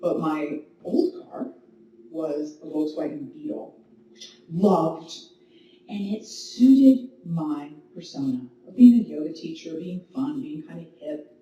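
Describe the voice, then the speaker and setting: A woman yoga teacher talks a class through poses, weaving a story between calm, gentle cues. Her voice is mellow and dark, and she takes her time. The recording is very roomy and picked up from a distance. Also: low voice, takes it slowly. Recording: very echoey room, mic at a distance, faint noise.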